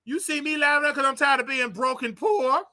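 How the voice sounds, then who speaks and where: A man with a bright, forceful voice, hosting his own livestream. He rants to his viewers in an animated, preachy, jokey way, jumping from quiet asides to loud outbursts. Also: normal speed. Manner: animated, preachy, jokey, with wild swings in pitch and volume. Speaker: host. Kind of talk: solo livestream rant.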